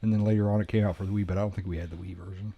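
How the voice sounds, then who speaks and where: A man's voice: low voice, little pitch movement, very fast, breathy edge, dull audio. Rambling man chatting on a podcast. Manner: rambling, self-correcting, laughs often. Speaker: podcast host. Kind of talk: casual chat.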